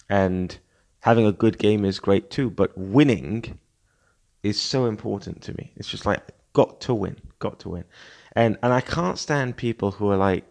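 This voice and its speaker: A man hosting a solo podcast, talking in a casual, animated, rambling way with many fillers and restarts. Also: lowish voice. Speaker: podcast host.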